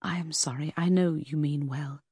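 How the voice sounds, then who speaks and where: A woman voicing a scarred, veiled woman who speaks softly and ruefully, in a period audiobook. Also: low-pitched, steady tone, normal speed, breathy edge, no echo, exaggerated voice. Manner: soft, rueful speech.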